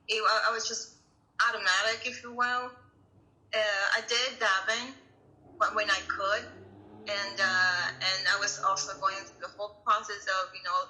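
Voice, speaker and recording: A young woman with a fairly high, very bright and forceful voice shares a personal testimony. She speaks earnestly and haltingly, often restarting her sentences. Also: rough recording. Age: young adult. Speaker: coach sharing her story in a class.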